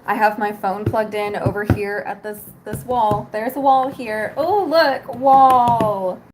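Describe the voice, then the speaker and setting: A woman's voice: medium pitch, fairly even intonation, unhurried, noisy background. A young woman vlogger ranting casually to camera, exasperated, swearing and rambling.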